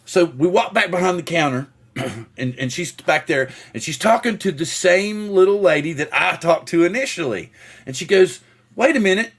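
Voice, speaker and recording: A man hosting a casual livestream, with a fairly high voice that swings widely in pitch. He is an animated storyteller who acts out other people's voices and chats with his viewers. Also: moderate pace, slightly rough. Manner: greets chat viewers by name. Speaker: host of a livestream show.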